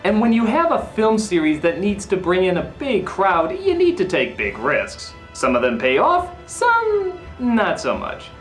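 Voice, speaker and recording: Ranting man reviewing films. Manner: ranting, sarcastic, swings into sudden high yells. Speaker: film reviewer. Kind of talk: comedic film review, impression of a famous critic. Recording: echoey room with faint music.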